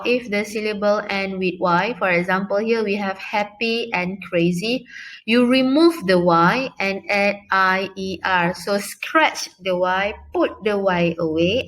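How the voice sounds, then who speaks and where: A young woman teaching a recorded English grammar lesson, patiently repeating key words slowly and often pausing with fillers. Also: medium pitch, a bit bright.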